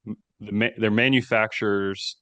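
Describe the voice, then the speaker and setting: A man co-hosting a podcast, talking in a measured, thoughtful way in casual chat. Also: lowish voice, fairly even intonation, bright, forceful tone, no echo. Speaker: podcast co-host.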